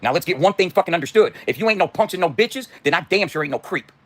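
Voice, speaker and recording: A man's voice: high voice, animated, fast, a bit bright. A middle-aged man delivering a heated, profane, confrontational livestream rant.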